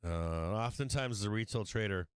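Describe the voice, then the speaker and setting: A man's voice: on the low side, moderate pace, clean tone, no echo. Blunt, profane man hosting a trading stream. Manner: blunt, profane, laughs often. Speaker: stock market livestream host. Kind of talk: casual trading livestream talk.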